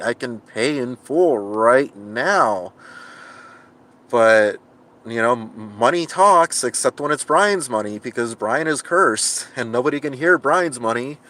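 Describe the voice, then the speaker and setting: A man's voice: medium pitch, a bit bright. A man talks into his camera from inside a car, answering chat comments in a loose, rambling way. He sounds frustrated and self-mocking, breaking off his sentences and starting them again. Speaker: live streamer reading chat comments. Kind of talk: casual livestream chat.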